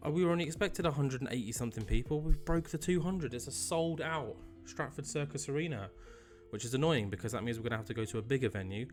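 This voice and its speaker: Chatty guy commentating his game. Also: medium pitch. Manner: chatty and upbeat, joking asides. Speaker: gaming channel host. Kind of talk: casual let's-play commentary.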